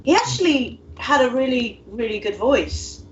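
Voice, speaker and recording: A woman's voice: high voice, sing-song, moderate pace, roomy sound, lo-fi sound, a little hiss or hum. A woman co-hosting a casual podcast over a video call, talking hesitantly and laughing easily. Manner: hesitant, many fillers and restarts, laughs easily. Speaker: podcast co-host.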